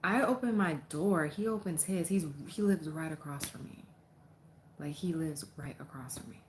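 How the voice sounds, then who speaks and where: A young adult woman vlogging a casual storytime from her apartment, animated and profane as she tells it. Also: low voice, normal speed, a little hiss or hum.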